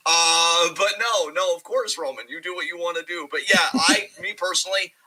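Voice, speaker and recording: Podcast co-host, young man, bright and a touch high, excitable and profane, drops into quick impressions. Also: rough recording. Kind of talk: casual wrestling podcast chat.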